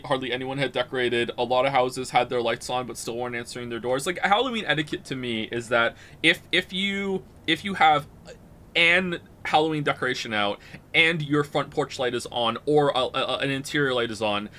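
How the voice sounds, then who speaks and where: A man's voice: medium pitch, sharp tone, slight background noise. A man from Canada hosting a gaming stream, telling rambling, profane stories in casual chat. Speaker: streamer host.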